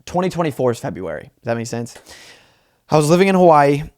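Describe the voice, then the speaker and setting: A man's voice: on the high side, big pitch swings, a little fast, a little mellow, no room sound, clean studio sound. A man in his twenties hosting a solo comedy podcast, telling a rambling, self-mocking story with lots of asides. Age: 20s. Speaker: podcast host.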